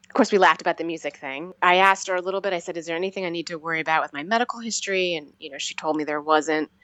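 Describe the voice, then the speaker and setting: A woman in her forties shares her personal story as an interview guest, speaking earnestly and haltingly and often restarting sentences. Her voice is lowish and a bit bright, on a dry recording.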